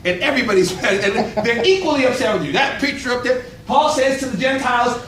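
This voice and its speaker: A man preaching a sermon at a luncheon, with animated, rhetorical call-and-response delivery. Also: very high voice, fast, few pauses, a little hiss or hum. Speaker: pastor. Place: event hall. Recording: echoey room, voice from far off.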